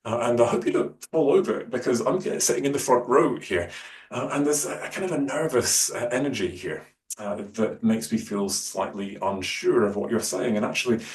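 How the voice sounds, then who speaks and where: A man giving a workshop talk on public speaking, with many fillers and restarts, who shifts his loudness and pace. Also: mid-range voice, normal speed. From Scotland. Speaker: lecturer. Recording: roomy, distant mic, faint hum.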